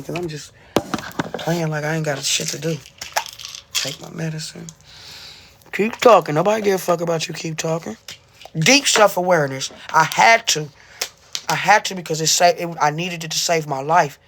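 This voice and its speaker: A livestreamer chatting casually to viewers, rambling and profane, with quick self-interrupting explanations. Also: medium pitch, creaky, background noise.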